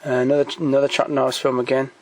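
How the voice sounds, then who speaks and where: A man talking casually and haltingly, with many pauses and restarts, giving enthusiastic recommendations as he shows his shelf. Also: mid-range voice, level tone, noisy background. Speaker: collector showing DVDs. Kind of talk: casual off-the-cuff commentary. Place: home room by a shelf.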